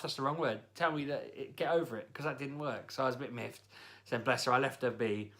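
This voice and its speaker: A man ranting in a casual vlog, his voice bright and cutting. He talks like someone fed up and grumbling, piling one complaint onto the next as he tells his story. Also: mid-range voice. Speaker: vlogger. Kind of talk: casual spoken rant.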